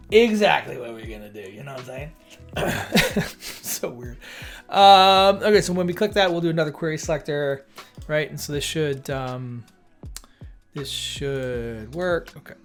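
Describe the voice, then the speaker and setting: A man hosting a live coding stream, thinking aloud as he works, muttering to himself and tossing off jokey asides. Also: a little high.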